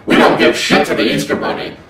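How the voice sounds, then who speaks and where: A man telling a comic story in a sarcastic, profane rant, slipping into mock voices. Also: fast. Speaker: comedic vlogger telling a story. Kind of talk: comedic rant with acted dialogue. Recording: echoey room, heard from a distance, loud music behind. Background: loud music.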